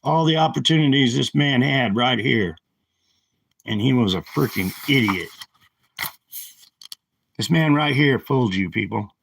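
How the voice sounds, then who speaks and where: A man's voice: medium pitch, gravelly, no room sound, low-quality recording. A man ranting angrily on a livestream, agitated and repetitive, talking into a handheld phone. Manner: agitated, ranting, repeats himself. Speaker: live streamer. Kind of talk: angry livestream rant.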